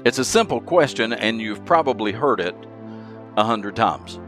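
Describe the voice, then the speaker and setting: A man's voice: on the low side, lively intonation, normal speed, fairly bright tone, faint music behind. A man hosting a solo motivational podcast, talking earnestly and leaning hard on repeated key phrases. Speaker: podcast host.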